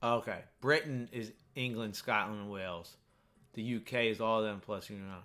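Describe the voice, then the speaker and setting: American guy streaming a game, rambly and chatty, bright voice, keys clacking behind. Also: on the low side, moderate pace. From United States. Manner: rambling, chatty, full of fillers. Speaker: gaming streamer. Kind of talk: casual chat while playing a game.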